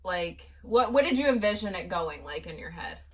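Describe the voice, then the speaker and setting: A woman's voice: on the low side, moderate pace, far from the mic. A young woman co-hosting a casual chat, telling stories with lots of acted-out quotes and casual swearing. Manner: animated storytelling, acts out quotes, swears freely. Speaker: podcast co-host.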